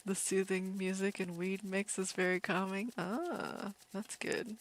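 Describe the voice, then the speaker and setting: A woman streaming a game, chatting casually with viewers in a calm, relaxed way and laughing easily. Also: medium pitch, moderate pace. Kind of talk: casual live-stream chat over gameplay.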